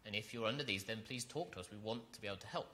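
Man, preacher, bright tone, earnest, rhetorical questions, emphatic rises. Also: on the low side, rapid-fire, slight background noise. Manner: earnest, rising to loud emphatic peaks; asks the congregation rhetorical questions. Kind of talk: sermon.

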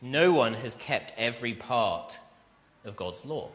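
A man preaching a sermon to a congregation, emphatic and animated, often asking his listeners questions. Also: medium pitch, a little slow, big-room sound.

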